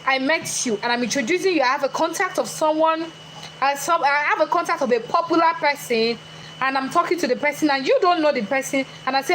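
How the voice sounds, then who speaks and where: Woman speaker, animated, high voice, noisy room recording, engages the crowd. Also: fairly quick. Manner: animated, chatty, questions the audience directly. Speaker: motivational speaker. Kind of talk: motivational talk to a live audience.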